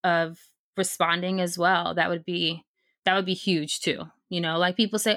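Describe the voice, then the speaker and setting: A woman's voice: fairly low pitch, level tone, moderate pace, fairly bright tone, no room sound, studio quality. A woman guest coach in a casual podcast interview, talking with energy and emphasis, frank and unfiltered, with the odd casual swear.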